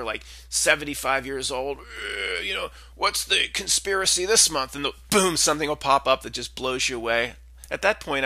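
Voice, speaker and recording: A man rambles through a skeptical monologue and keeps doubling back on himself. His voice is gravelly, with a sharp, bright edge. The sound is dry and close, with no room around it. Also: medium pitch, no room sound. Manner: meandering, skeptical, full of restarts and asides. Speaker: podcast host.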